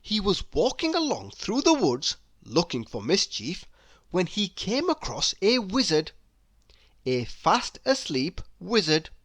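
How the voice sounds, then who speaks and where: A woman reading a children's picture book aloud, in an expressive storyteller manner. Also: lowish voice, no echo. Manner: expressive, animated reading with slow pacing.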